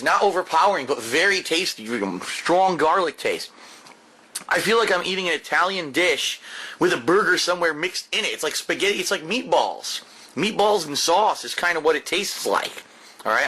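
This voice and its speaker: Brief: male food vlogger, bright forceful voice, a bit high, enthusiastic and repetitive, home camera mic. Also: slightly rough. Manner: enthusiastic, emphatic, repeats himself. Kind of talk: casual food review to camera. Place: at home, indoors. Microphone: camera mic, set down while eating.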